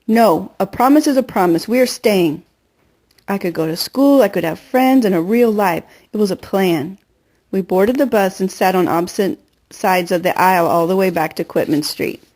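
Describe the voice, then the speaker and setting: A woman reading a first-person novel aloud in an earnest, steady storytelling voice. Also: fairly low pitch, moderate pace. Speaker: audiobook reader.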